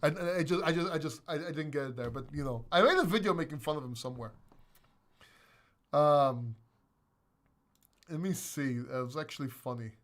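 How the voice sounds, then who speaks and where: Crypto stream host, man, slightly high voice, blunt and rambling with casual swearing. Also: normal speed, long pauses, fairly bright tone. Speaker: crypto channel host answering questions. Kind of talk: casual livestream Q&A.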